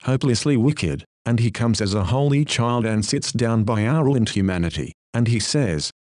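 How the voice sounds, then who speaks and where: A man's voice: medium pitch, animated, normal speed, few pauses, darkish tone, no echo, studio quality. A male preacher giving a sermon, earnest and full of rhetorical questions.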